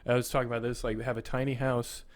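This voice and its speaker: A man's voice: medium pitch, little pitch movement, fast, no room sound. A man co-hosting a podcast in casual, rambling chat, swearing freely and laughing often. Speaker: podcast co-host.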